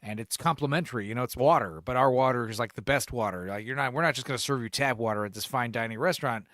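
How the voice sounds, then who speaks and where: A man's voice: medium pitch, fast, fairly bright tone, no room sound, clean studio sound. A man co-hosting a podcast in casual chat, rambling and cursing as he acts out quotes in different voices. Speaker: podcast co-host.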